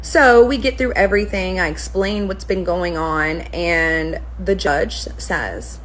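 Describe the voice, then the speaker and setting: Profane, animated woman telling a story. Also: fairly low pitch, slow pace, hardly any pauses, slight background noise, rough recording. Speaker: spa owner, permanent makeup artist. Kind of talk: casual storytelling rant to camera.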